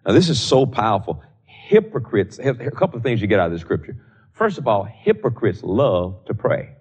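An older man with a fairly low voice preaches on prayer, often slowing down to repeat his key lines for weight. He stumbles and restarts now and then, then reads scripture aloud in old-fashioned wording. The recording is dull and lo-fi. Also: very animated, darkish tone, husky. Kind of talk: sermon teaching on prayer.

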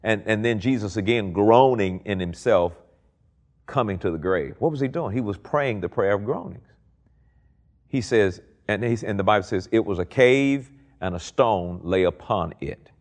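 Animated male preacher reading scripture. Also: moderate pace. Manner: animated preaching, swings from low and quiet to high and loud; reads scripture aloud and comments on it. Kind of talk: sermon.

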